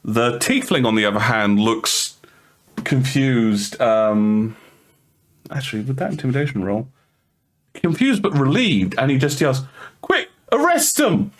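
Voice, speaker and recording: A man's voice: medium pitch, animated, measured pace. A man acting as game master for a tabletop game, with a mid-range voice. He stammers and repeats words while narrating scenes and asking players for rolls.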